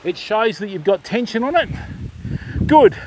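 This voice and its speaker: An older Australian man hosts a fishing livestream from the beach, chatting casually, greeting viewers by name and explaining what he's doing. His voice is high with big pitch swings and a little slow, and the outdoor background is noisy.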